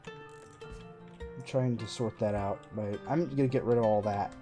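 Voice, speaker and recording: A man with a mellow, warm voice talks through a game on a live stream. His commentary is casual and running, full of dry, self-mocking sarcasm. Faint game music plays underneath. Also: lowish voice, steady tone, a little slow.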